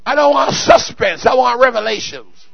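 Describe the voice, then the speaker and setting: A male pastor preaching to his church, swinging from quiet asides to shouted exhortations and repeating words for emphasis. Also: very high voice, lively intonation, normal speed, gravelly, lo-fi sound. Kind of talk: sermon. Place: church sanctuary.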